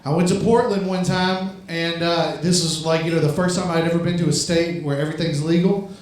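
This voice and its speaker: Stand-up comic, male, from Louisiana; high-pitched, rambling delivery that builds to shouted rants, far off the mic. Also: steady tone, a little fast. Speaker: stand-up comedian. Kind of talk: stand-up comedy set. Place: comedy club stage. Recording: echoey club from far off mic.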